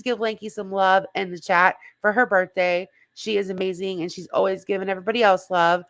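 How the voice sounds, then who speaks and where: A slightly hoarse woman hosting a casual livestream, rambling and greeting viewers in the chat by name. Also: medium pitch, little pitch movement, brisk, hardly any pauses, fairly bright tone, slight background noise. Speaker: livestream host.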